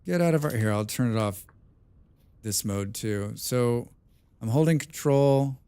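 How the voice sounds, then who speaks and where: A man live-streaming a game, chatting with his viewers in a loud, excitable and passionate way. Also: mid-range voice, a little slow, clean tone. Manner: loud and excitable, calls himself a passionate speaker.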